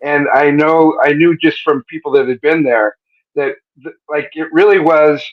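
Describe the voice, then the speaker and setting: A man's voice: on the high side, moderate pace. Joking man hosting a live-stream interview. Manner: joking, rambling, self-correcting. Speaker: interview host. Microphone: video call. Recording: dull lo-fi stream audio.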